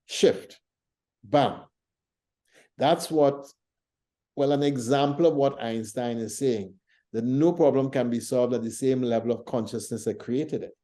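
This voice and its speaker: Host for a faith talk show: a man with a deep-toned, very mellow voice who tells stories and teaches in a thoughtful, unhurried way. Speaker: church leader hosting a faith talk show. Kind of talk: reflective conversational teaching.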